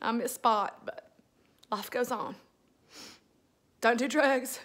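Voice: medium pitch, slow, fairly bright tone. A performer playing a gossipy middle-aged church woman, giggling through a dramatic confession. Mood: chatty. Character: giddy middle-aged Southern church lady on social media. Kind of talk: comic character monologue.

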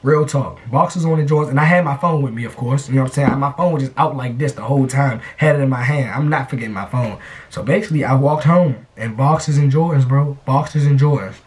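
A young man vlogging, telling a story in a casual, animated, slangy way full of repetition. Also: medium pitch, quick pace.

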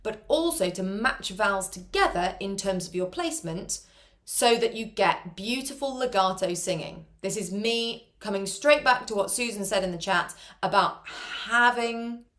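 Speaking at normal speed with a mid-range, fairly bright voice and lively intonation, a woman teaches an online singing class from her home by video call. She keeps it chatty and encouraging, showing the sounds herself as a choir teacher leading warm-ups.

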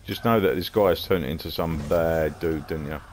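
A man's voice: rumbling low, normal speed, a little mellow. A man with a Cockney accent, rambling and chatty while he comments on his gameplay and mutters to himself. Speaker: gaming streamer. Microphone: headphones on, streaming setup.

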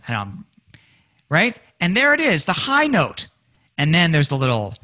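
An energetic man lectures on music before an audience and acts out lyrics in dramatic voices. His voice sits fairly high and swings widely in pitch. The tone is bright and forward. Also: unhurried, long pauses. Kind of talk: public lecture. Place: community presentation room.

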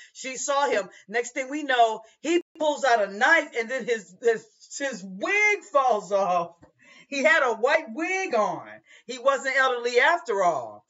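A woman's voice: a little high, fairly bright tone, muffled recording. A woman who drives a bus, telling a casual story with many restarts and asides. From Portland, Oregon, US.

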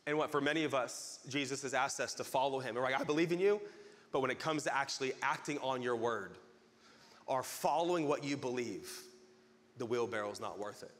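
A man preaching a sermon as pastor, telling a story with lively acted-out crowd voices. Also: medium pitch, brisk, in a large hall.

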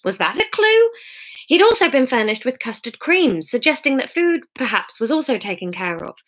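On a home live stream, an author with a voice on the high side reads from her comic novel, chatting brightly between sections and giggling at her slip-ups.

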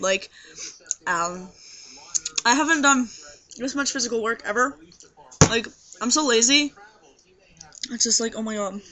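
A young trans man with a high voice and a scratchy throat, rambling tiredly to the camera in a casual video diary. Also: sharp tone. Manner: rambling, tired, many fillers. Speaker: video blogger. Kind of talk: casual vlog monologue.

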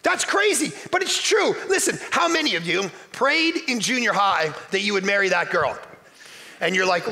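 A guest pastor from Canada preaching a sermon in a church, energetic and emphatic, joking with the congregation. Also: male voice, sits high, normal speed, gravelly.

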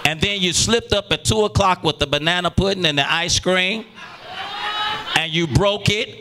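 A man preaching a sermon as pastor in a church, calling on the congregation to answer back and rising into shouts. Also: sits high. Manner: preaching with call-and-response, bursts into shouting. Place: church sanctuary.

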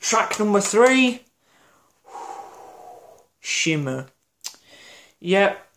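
A man's voice: high voice, very animated, drawn-out words, a bit bright, slight background noise. A man giving a casual album review vlog, enthusiastic and rambling, with lots of fillers and restarts. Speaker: music reviewer.

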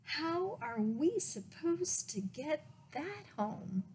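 A woman's voice: mid-range voice, wildly swooping pitch, measured pace, a bit bright, a little hiss or hum, heavily acted. A woman voicing a worried, exasperated mother in a picture book read-aloud. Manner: exasperated exclaiming.

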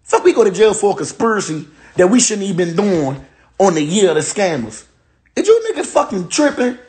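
A young man talks into his phone, ranting in playful mock despair and often breaking into laughter. His voice sits a little high for a man. He repeats the same short lines for comic effect. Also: sing-song, a little fast, a little mellow. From Ohio. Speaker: internet personality. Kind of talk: joking live-stream rant.

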